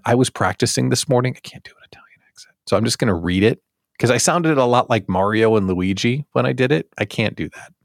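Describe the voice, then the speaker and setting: Animated, jokey male live-show host. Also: fairly low pitch, no echo, clean studio sound. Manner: jokey, animated, self-deprecating asides. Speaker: host of a daily live show for small business owners. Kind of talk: casual live-show monologue.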